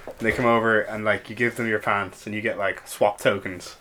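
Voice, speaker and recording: A man's voice: lowish voice, little pitch movement, brisk, bright, forceful tone, slight background noise. A man co-hosting a podcast in casual chat, dry and joking, laughing often. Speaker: podcast co-host.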